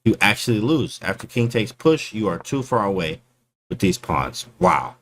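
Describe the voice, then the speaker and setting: A man casually breaking down his chess game for his stream chat, slangy and animated, often calling people bro. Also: fairly low pitch, normal speed, a little hiss or hum.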